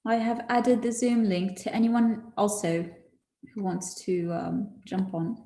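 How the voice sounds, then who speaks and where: A woman's voice: mid-range voice, steady tone, takes it slowly, dark tone, reverberant. A woman hosting a casual livestream, chatty and laughing often with lots of fillers. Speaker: livestream host. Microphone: video call.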